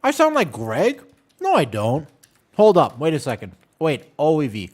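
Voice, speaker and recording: Animated man chatting on a game stream. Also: fairly high pitch, moderate pace. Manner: animated, jumpy banter with chat. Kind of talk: casual chat while gaming.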